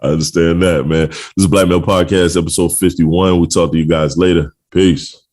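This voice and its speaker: A man's voice: low voice, fairly even intonation, fairly quick, a little mellow. A middle-aged man hosting a podcast, talking in a laid-back, casual way with lots of slang and laughter. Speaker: podcast host.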